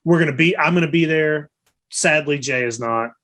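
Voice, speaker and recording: A man's voice: a little high, moderate pace. A man hosting a podcast in casual, friendly chat, making announcements and talking about collecting. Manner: friendly, relaxed, announces plans. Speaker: podcast host.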